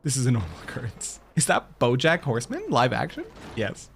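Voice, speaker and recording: A man's voice: medium pitch, wildly swooping pitch, brisk, slightly rough. A young man streaming a game, chatting casually, joking and reacting to his chat.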